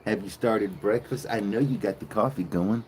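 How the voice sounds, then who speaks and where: A man's voice: fairly low pitch, normal speed, darkish tone, a little hiss or hum. A man hosting a live stream outdoors on a farm, chatting casually with viewers and telling crude, joking, rambling stories. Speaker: livestream host. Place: outdoors on a farm with cows nearby.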